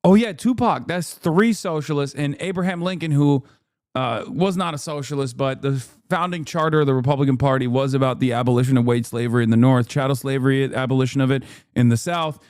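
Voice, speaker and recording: A man's voice: mid-range voice, fairly quick, darkish tone, no echo, studio quality. A male live streamer giving casual reaction commentary, profane, mocking and sarcastic.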